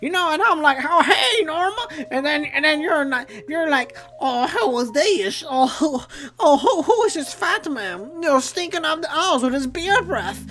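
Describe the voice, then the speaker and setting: A man voicing a loud, drunk, shirtless uncle who slurs and swears. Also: very high voice, lively intonation, moderate pace, heavily acted. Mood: rowdy. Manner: slurring, rowdy, swearing.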